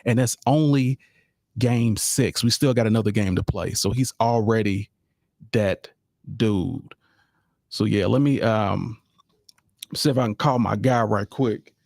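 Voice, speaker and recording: Speaking in a lowish, darkish voice with vocal fry, the host of a live sports podcast keeps a measured pace and pauses often. He's casual, repeats phrases and regularly talks to listeners as y'all; the sound is dry and clean, straight from the studio.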